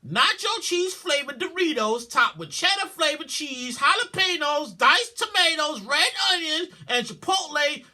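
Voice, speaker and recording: A woman hosting a podcast, reading news headlines and reacting with loud exclamations, repeated words, swearing and a lot of laughter. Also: high voice, expressive, a little slow, hardly any pauses. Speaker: podcast host. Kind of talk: comic commentary on news headlines.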